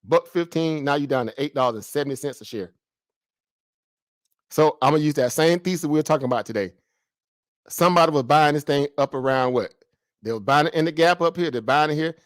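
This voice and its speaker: A man's voice: fairly high pitch, a little fast, long pauses, no room sound, clean studio sound. A man giving casual stock market commentary, asking himself rhetorical questions and talking in slang. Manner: rhetorical questions, slangy and animated, mimics traders.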